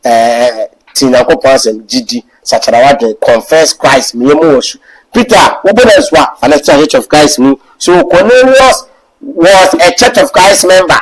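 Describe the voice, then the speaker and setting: Animated Ghanaian man preaching. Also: normal speed, low-quality recording. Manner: animated, swings from loud exhortation to low asides. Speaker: Bible class preacher. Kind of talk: sermon mixing English and Twi.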